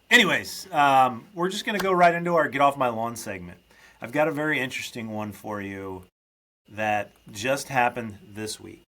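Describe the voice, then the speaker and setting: A man's voice: medium pitch, sharp tone, a little hiss or hum. Chatty man hosting a solo podcast. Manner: chatty, rambling, frequent restarts and self-interruptions; grumpy humorous ranting. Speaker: podcast host.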